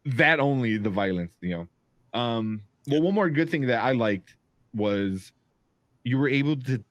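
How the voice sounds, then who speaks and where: A man's voice: medium pitch, animated, measured pace, dry recording. A man chatting casually as a movie reviewer, laid-back and quoting himself in asides. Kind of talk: casual chat.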